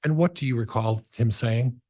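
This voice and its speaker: Husky-voiced defense attorney questioning. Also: male voice, medium pitch, darkish tone. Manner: measured, methodical questioning with hesitations. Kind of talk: courtroom questioning. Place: courtroom.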